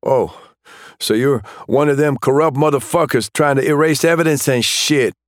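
A man voices a defiant, foul-mouthed suspect in his late teens who snarls in street slang, pitching his natural voice above its usual level. The delivery is medium-pitched at normal speed, with clean studio sound and no room sound.

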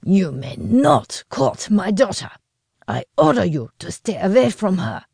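A woman voicing a gruff, domineering middle-aged father who speaks slowly and commandingly. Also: lively intonation, dark tone, dry recording, studio quality, heavily acted. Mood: stern. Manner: slow, commanding, booming.

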